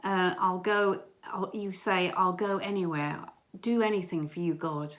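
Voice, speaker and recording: A woman giving an informal church talk, earnest and gentle, with small hesitations. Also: on the low side, steady tone, a little slow. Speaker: church member sharing a prayer message.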